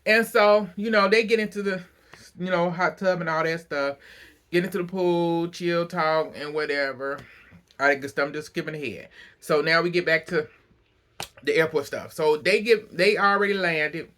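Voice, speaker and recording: A man recapping a reality show episode in casual, animated storytelling, acting out the cast's lines and often breaking into laughter. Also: on the high side, moderate pace. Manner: animated storytelling, acts out cast quotes, laughs a lot.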